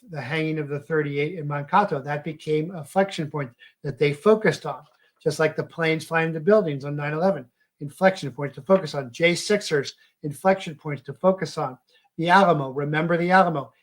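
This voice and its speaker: A man giving a halting, emphatic monologue full of fillers. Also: fairly high pitch, fairly bright tone. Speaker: commentator. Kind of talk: monologue commentary.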